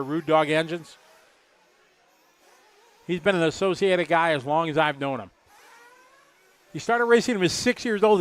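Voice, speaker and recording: A man's voice: on the high side, fairly bright tone. A middle-aged man doing live race commentary, chatty and rambling, joking with viewers.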